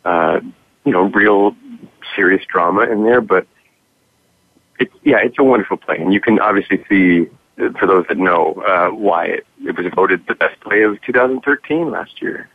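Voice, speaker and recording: A man's voice: deep voice, normal speed, slightly rough, no room sound. Earnest man on a tinny phone line. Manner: earnest, rambling with fillers and restarts. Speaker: guest actor. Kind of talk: interview.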